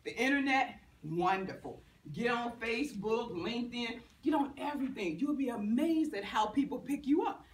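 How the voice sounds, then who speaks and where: A middle-aged woman banker from Virginia gives a motivational talk to students, quick to laugh and to act out the people she quotes. Her voice sits fairly high. She sounds distant from the mic in an echoing lecture room, with a faint hiss underneath. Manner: lively, laughing, acts out quotes. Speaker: banker and guest speaker.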